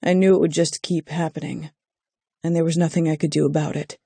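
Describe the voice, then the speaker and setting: A haunted, protective young man who speaks low and clipped, as an audiobook narrator plays him. The gravelly, husky voice is dark and mellow. It is recorded close and completely dry. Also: flat delivery, a little fast, dry recording. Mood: bitter. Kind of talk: audiobook character voice.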